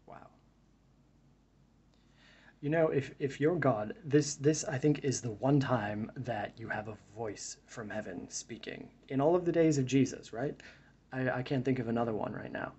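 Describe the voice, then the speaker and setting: A man's voice: medium pitch, a little slow, a little mellow, slightly rough, highs cut off. A man giving a reflective Bible study talk, reading verses aloud and then musing on them in a thoughtful way. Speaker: Bible teacher.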